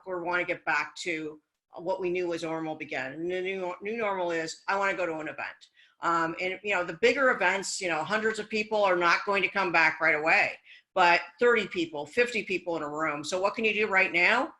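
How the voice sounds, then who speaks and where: A woman's voice: on the low side, a little fast, pushed and bright, poor audio. A woman guest on a business podcast, talking frankly and encouragingly in casual conversation.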